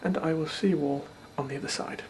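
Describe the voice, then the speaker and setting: A man's voice: a little high, fairly even intonation, fast talker, darkish tone, slight background noise. A young man chatting casually to the camera in a rambling, offhand, self-mocking way. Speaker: video blogger. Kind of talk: casual chat.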